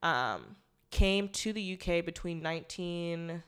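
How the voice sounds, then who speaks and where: A woman's voice: fairly low pitch, expressive, takes it slowly, fairly bright tone, smooth. A young woman hosting a podcast, talking in a casual, rambling way, often correcting herself and speaking bluntly and irreverently. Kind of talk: casual commentary monologue.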